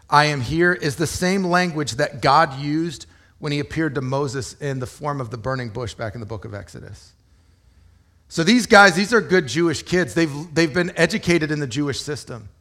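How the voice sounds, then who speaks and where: Male pastor, sermon, conversational, fairly high voice, rhetorical questions. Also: fairly bright tone. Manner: conversational, explains scripture plainly and asks rhetorical questions.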